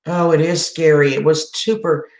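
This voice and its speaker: A woman's voice: low voice, flat delivery, normal speed, a little mellow, reverberant. A woman hosting a casual live chat, emotional as she answers viewer comments. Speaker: channel host doing a live chat.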